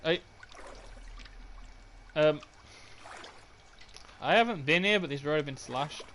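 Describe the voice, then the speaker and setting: Man, let's play host, sarcastic jokes, reads notes aloud, bright tone, slightly high voice. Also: expressive, a little slow, a little hiss or hum. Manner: joking, sarcastic asides. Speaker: gaming channel host.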